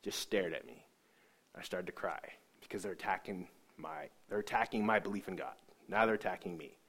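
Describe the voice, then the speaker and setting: A man giving an emotional personal testimony about his faith, earnest and halting, often repeating words as he searches for them. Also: deep voice, fairly bright tone, husky. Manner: earnest, halting, repeats himself when moved. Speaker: speaker sharing a faith testimony.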